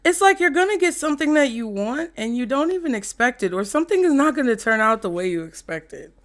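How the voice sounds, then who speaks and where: A woman's voice: sits high, sing-song, brisk. A woman giving a casual tarot reading in a chatty way. She swears freely, restarts her sentences and trails off. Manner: chatty, swears freely, acts out quotes in mock voices; stops to laugh, trails off, restarts. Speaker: tarot reader.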